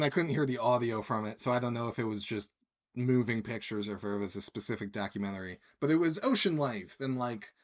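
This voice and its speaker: A man's voice: mid-range voice, fairly bright tone. A man co-hosting a podcast, telling a rambling bar anecdote in casual chat with frequent restarts. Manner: slow, halting anecdote telling with quoted voices. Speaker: podcast co-host.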